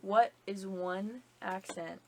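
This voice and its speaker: A young woman chats casually as a podcast host, filling her talk with "like" and easy laughs. Her pitch sits in an ordinary middle range. A faint hiss runs under the recording. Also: fairly even intonation, slow pace. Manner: chatty, leans on "like", laughs often. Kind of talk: casual chat among friends.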